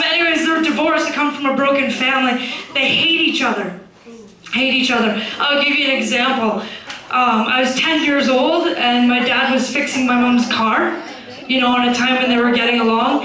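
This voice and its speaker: A young woman doing a stand-up comedy set, blunt and swearing, deadpan about dark topics. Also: sits high, very echoey, far from the mic, poor audio. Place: comedy club stage.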